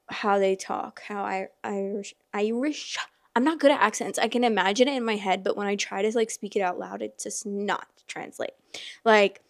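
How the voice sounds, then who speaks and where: A chatty woman host reading stories aloud and riffing on them, full of fillers and quick exclamations. Her voice sits at a middle pitch and is recorded close and dry, with no room sound. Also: no room sound. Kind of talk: casual chat and reading aloud.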